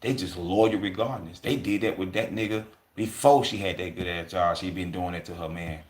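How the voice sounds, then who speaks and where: A man's voice: low voice, moderate pace, echoey room. A man hosting a livestream, rambling on in a casual, profane rant with many asides, stumbles and restarts. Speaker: livestream host.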